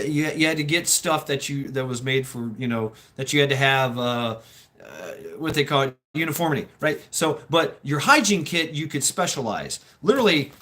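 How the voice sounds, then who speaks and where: Male podcast host, middle-aged, casual and profane storyteller, slightly high voice, bursts into squeaky impressions. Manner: animated, laughing, swearing, acts out quotes in high voices.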